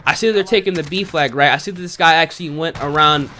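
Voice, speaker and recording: A man's voice: fairly high pitch, fast, sharp tone, slight background noise. A man giving casual, self-critical commentary over his own gameplay, often saying "man" and "you know.". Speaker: gaming video creator.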